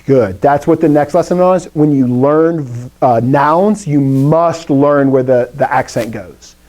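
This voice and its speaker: Man teaching a lively classroom lesson. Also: a little high, slow. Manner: lively, explaining step by step, jokey asides. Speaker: Greek teacher. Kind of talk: classroom lecture.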